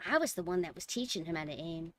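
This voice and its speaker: A woman's voice: on the low side, lively intonation, fast talker, a bit bright, slight background noise, pitched below the performer's own voice. A woman voicing a snarky young woman from a game who acts cynical and self-important. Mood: smug.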